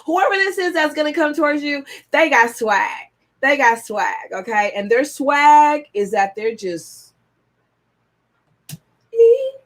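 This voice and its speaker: Chatty tarot lady on a live stream, kinda high voice, gets real excited, slangy. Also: measured pace. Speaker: tarot reader.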